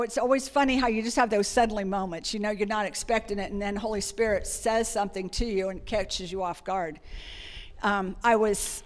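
Woman preaching in an echoing church. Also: mid-range voice. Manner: personal storytelling with frequent fillers. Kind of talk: conversational sermon. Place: church sanctuary.

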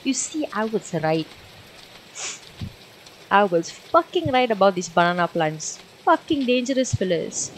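Woman, young, horror game commentary, nervous slangy banter, medium pitch. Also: very animated, unhurried, a little hiss or hum, low-quality recording. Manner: jumpy, swearing, slangy banter. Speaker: gamer.

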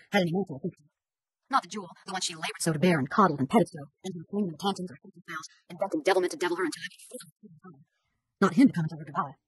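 A woman's voice: on the low side, a little mellow, breathy edge. A woman reading a first-person chapter of a novel as an audiobook, with an indignant, gossipy manner. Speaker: audiobook narrator.

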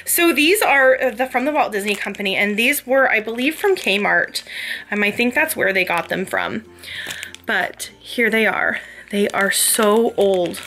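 A young woman gushes her way through a haul vlog in a chatty, giggly way. Her voice is bright and forward, sitting at an ordinary middle pitch. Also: a little slow. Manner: gushing, chatty, laughs often. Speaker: vlogger.

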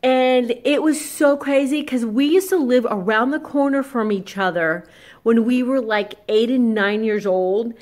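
A young woman chatting excitedly in a casual vlog, telling stories as she moves around her home and yard. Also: a little high, measured pace. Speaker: vlogger and makeup artist.

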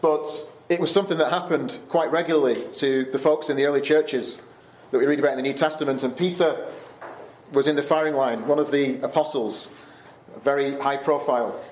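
A man's voice: mid-range voice, steady tone, fairly quick, echoey room, slight background noise. A man speaking as a camp speaker, giving a conversational Bible talk to teenagers, with fillers and restarts. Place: Canada.

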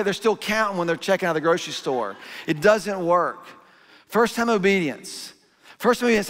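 Middle-aged pastor, high-voiced, hall reverb. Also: male voice, a bit bright. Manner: conversational, acts out parents and kids in asides. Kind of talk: sermon. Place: church auditorium.

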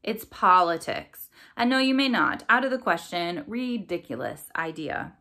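A woman's voice: on the low side, animated, normal speed, fairly bright tone. A woman voicing a cold, impatient crow father who is a politician and speaks curtly and sneeringly. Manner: curt, sneering.

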